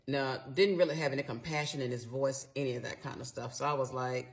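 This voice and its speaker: Talking fairly quickly with hardly any pauses, a low-voiced middle-aged woman addresses her listeners directly in a casual storytime monologue. She tells a personal story candidly and emphatically, with salty slang throughout.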